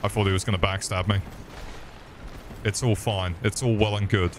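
A man's voice: lowish voice, steady tone, normal speed, slight background noise. Sweary man commenting on a game. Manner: swearing, joking, chatting to viewers. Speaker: streamer. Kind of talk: casual gaming commentary.

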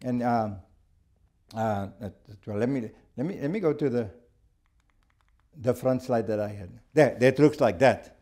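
Halting, mellow-voiced male Bible teacher. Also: medium pitch. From South Africa. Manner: conversational, halting, repeats words. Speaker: Sabbath school teacher. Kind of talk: church Bible lesson with storytelling.

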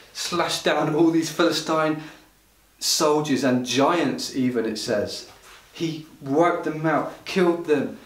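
A man delivering a sermon at a slow, deliberate pace, building into passionate, pleading cries. His voice sits at a middle pitch and rings through a roomy hall, picked up from some distance off the mic. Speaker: pastor. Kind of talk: livestreamed sermon. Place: church hall.

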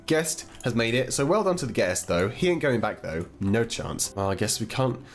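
A man's voice: mid-range voice, very animated, moderate pace. Playful English man narrating his gameplay. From England. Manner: playful, chatty babbling to viewers. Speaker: gaming channel host. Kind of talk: let's-play game commentary.

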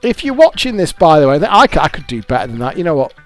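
A man's voice: a little high, sing-song, quick pace, faint music behind. A British man swearing and grumbling in exasperation as he gives gameplay commentary on a YouTube video. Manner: swearing, exasperated, self-mocking.

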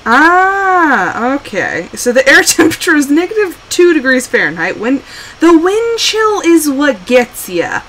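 A woman's voice: sits high, big pitch swings, unhurried, fairly bright tone, slight background noise, poor audio. Chatty woman streamer playing a survival game, voice swoops up and down a lot, fussing at her character. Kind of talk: casual live gameplay commentary.

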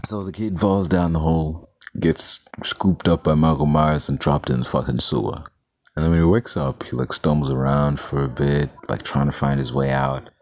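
Casting: a deep, gravelly guy reviewing a film, loose and profane with lots of fillers. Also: moderate pace, darkish tone. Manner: rambling, profane, filler-heavy. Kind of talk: casual movie review vlog.

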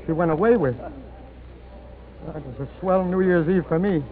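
A man's voice: high-pitched, normal speed, background noise, close to an everyday voice. A man playing a brash, emotional nightclub owner and emcee on New Year's Eve, in 1930s radio drama style. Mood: stricken. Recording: muffled 1930s radio broadcast with music.

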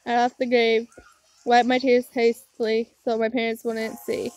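A woman's voice: fairly high pitch, monotone, moderate pace, a little mellow. Young woman reading a story aloud, emotional. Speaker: game player reading aloud. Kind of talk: reading a visual novel aloud.

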